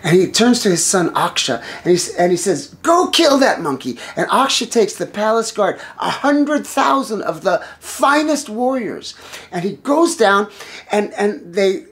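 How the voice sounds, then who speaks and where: A male storyteller retelling an epic tale in an animated, improvised way, with restarts and sudden shouts. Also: sits high, a little slow.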